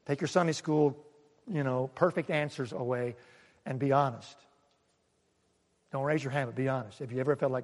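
A man preaching a sermon, swinging between loud and hushed and asking the congregation questions. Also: medium pitch, moderate pace, pauses often, long reverb tail. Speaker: pastor.

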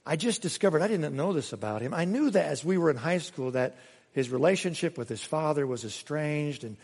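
A man delivers a sermon in a fairly high voice, earnest and often emphatic as he repeats key words. His voice rings out with a long reverb, as in a big hall. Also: expressive, fairly quick, vocal fry, a little mellow, slightly rough. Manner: earnest, rising to emphatic repetition. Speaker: pastor.

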